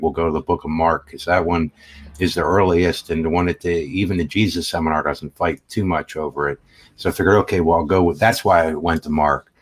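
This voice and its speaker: A man joining a casual livestream chat over a video call, talking in an animated, jokey way. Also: deep voice. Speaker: guest.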